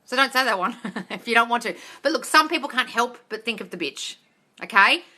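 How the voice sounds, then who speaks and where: A woman hosting a live question-and-answer stream. She reads viewers' comments and answers them bluntly, with constant swearing, often calling them "darling" and sometimes breaking into loud, scolding rants. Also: on the high side, expressive, brisk. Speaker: host of a live manifesting Q&A. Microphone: livestream phone or webcam mic.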